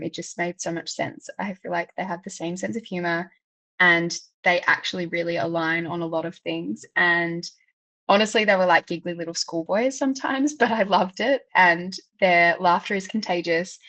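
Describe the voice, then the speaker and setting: A woman's voice: on the low side, steady tone, normal speed, fairly bright tone. A woman with an Australian accent giving an affectionate, enthusiastic recorded message.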